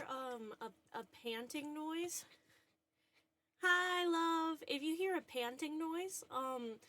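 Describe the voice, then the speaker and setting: Streaming from home, a woman with a slightly high voice chats casually with her audience through a desk microphone. She keeps sliding into a soft, cooing tone, as though soothing a pet.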